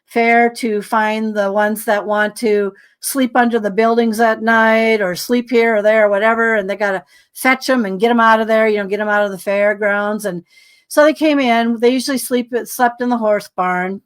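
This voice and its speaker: A woman, a podcast guest, telling a long story in a rambling, animated way with many asides. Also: fairly high pitch, normal speed, clear, resonant tone.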